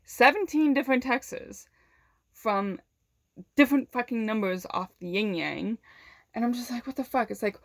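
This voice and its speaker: A young woman vlogger telling a personal story casually, animated, swearing often and filling her talk with "like", laughing between lines. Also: on the high side, normal speed, no room sound, studio quality. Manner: many fillers of "like".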